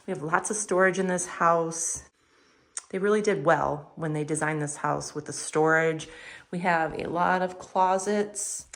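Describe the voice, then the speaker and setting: A woman's voice: lowish voice, fairly bright tone. A woman in her fifties chatting casually while giving a home tour, enthusiastic about her thrift finds. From United States.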